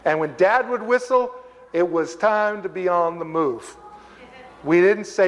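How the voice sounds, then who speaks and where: Older male pastor, high-pitched, animated and humorous storyteller, long church reverb. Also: unhurried. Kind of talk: storytelling sermon. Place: church sanctuary.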